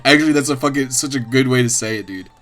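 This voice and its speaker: A man's voice: medium pitch, fast talker, a bit bright. A man streaming, chatting casually and ramblingly, swearing a lot and often laughing. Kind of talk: casual livestream chat.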